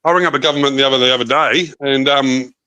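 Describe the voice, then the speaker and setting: Man, rapid, bright forceful voice, dry sound. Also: medium pitch, dry recording. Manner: rapid storyteller, swears, animated. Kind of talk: casual livestream chat.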